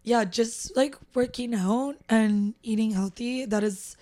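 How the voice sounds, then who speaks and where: A woman with a raspy voice, a fitness instructor being interviewed, talking casually with lots of fillers and easy laughter in an indoor meditation space. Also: on the high side, a little slow, mellow. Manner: rambling, filler-heavy, laughs easily.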